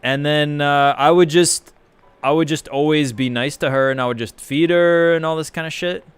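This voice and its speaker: A man streams a video game, rambling and cursing as he reads and replies to his viewers' messages in a casual chat. His fairly high voice is clear and resonant with a steady tone and normal speed, and there is no room sound.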